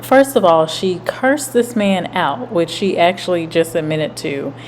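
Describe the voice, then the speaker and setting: A woman hosting a commentary video, explaining workplace rules in a measured way. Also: on the low side, lively intonation, slight background noise. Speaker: commentary host. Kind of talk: reaction commentary.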